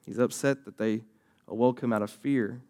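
A man's voice: medium pitch, fairly even intonation, moderate pace, mellow. A young man preaching a sermon as a youth pastor, talking conversationally and acting out voices from the story.

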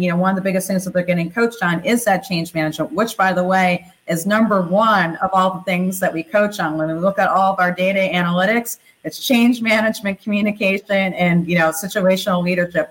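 A woman's voice: medium pitch, rough recording. A woman speaking as an interview guest, talking animatedly and filling her sentences with "you know" and "like". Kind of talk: conversational interview.

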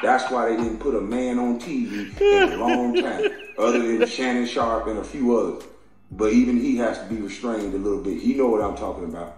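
A man's voice: on the low side, big pitch swings, brisk. A man delivering a profane, heated rant, taunting and mocking his targets and laughing between insults. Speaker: commentator. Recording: very echoey room with faint music.

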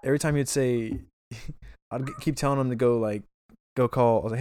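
A man's voice: medium pitch, steady tone, a little fast, dark tone, dry recording. Male co-host, casual, rambling anecdotes, lots of fillers; dry, close sound. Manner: rambling storyteller with many fillers and restarts. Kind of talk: casual chat.

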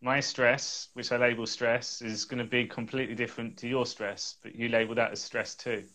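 A man's voice: medium pitch, level tone, a little fast, sharp tone. A man co-hosting a live stream, talking casually and hesitantly while reading out viewer comments. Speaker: co-host.

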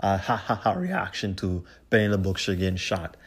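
A man's voice: deep voice, animated, normal speed, breathy edge. A man ranting to camera with heated, profane, repetitive commentary. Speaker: vlogger.

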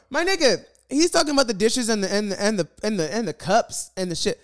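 A man's voice: very high-pitched, fast, hardly any pauses, fairly bright tone, clean tone. A young man telling viewers a storytime rant about his roommate, exasperated and profane, repeating phrases for emphasis. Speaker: vlogger.

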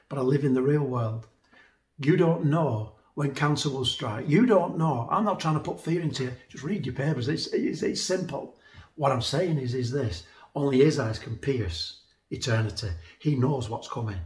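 A man's voice: a little high, animated, normal speed, a little mellow. A man preaching a sermon in an earnest, conversational way, often repeating words as he builds a point. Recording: echoey room.

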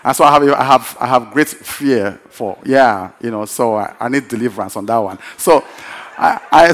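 A male pastor telling a story in a sermon, animated and repetitive, often breaking into laughter. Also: medium pitch, normal speed, hardly any pauses.

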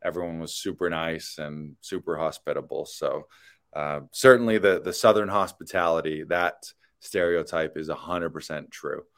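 A man's voice: a bass voice, moderate pace, gravelly, fairly bright tone. A Canadian man with a Canadian accent hosting a podcast for actors, telling stories in a rambling, casual way with lots of fillers. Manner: rambling storyteller, many fillers. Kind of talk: casual chat.

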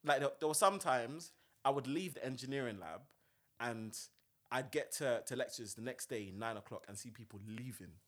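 A young man from hosting a podcast in casual chat, animated and laughing often, stammering through restarts. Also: mid-range voice, normal speed. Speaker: podcast host.

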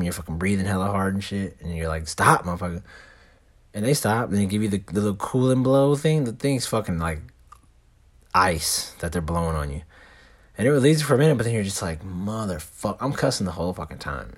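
Deep raspy dude rambling on his podcast, cussing nonstop, laid back. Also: expressive, fast talker. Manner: heavy swearing, laid-back slangy rambling. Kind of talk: casual storytelling.

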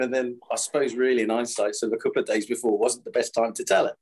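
A husky, slightly breathy British man in his fifties talks quickly in a casual podcast chat. He rambles, repeats himself and restarts sentences while telling animated stories. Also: medium pitch. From Britain. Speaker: supplier to the screen printing trade.

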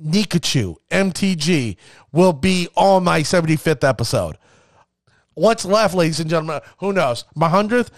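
A fired-up man hosts his own podcast, building hype and tripping over his words as he rambles. His voice sits a touch high for a man. The recording is close and dry, with no room around it. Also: animated, normal speed, no echo. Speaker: podcast host. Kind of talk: enthusiastic casual podcast talk.

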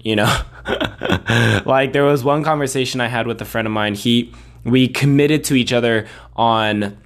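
A man talks through his own podcast episode in a loose, rambling monologue. His voice sits fairly low, and his delivery is blunt and conversational. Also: a little hiss or hum. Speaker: podcast host.

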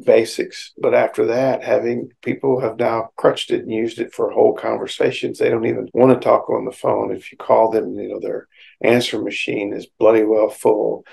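A middle-aged man speaks in a deep-set, heavily gravelly voice. He is a psychotherapist giving an informal educational talk. He talks conversationally and explains things through everyday examples. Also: flat delivery, normal speed, a little mellow, poor audio.

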